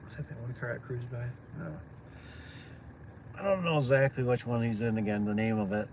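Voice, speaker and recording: A man's voice: medium pitch, fairly even intonation, fairly quick, a little hiss or hum. A man from Michigan chatting casually on a live stream, rambling and friendly with lots of fillers. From Michigan, USA. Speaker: small business owner live-streaming.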